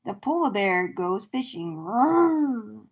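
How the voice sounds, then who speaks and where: Brief: woman on a livestream reading a picture book aloud to kids, very slow and deliberate. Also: medium pitch. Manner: slow, clear read-aloud with animal sounds. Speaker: host reading picture books to children.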